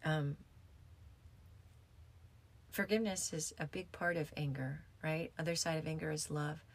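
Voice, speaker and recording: A woman's voice: low voice, fairly even intonation, unhurried. A woman yoga teacher talking in a casual, rambling way, with frequent restarts and fillers. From United States. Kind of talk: casual reflective talk.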